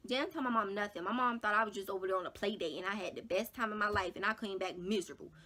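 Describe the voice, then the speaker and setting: A young woman vlogger telling a personal story to her viewers in casual, slangy talk, animated and dramatic, with big jumps in pitch and loudness. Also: fast talker. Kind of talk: storytime vlog.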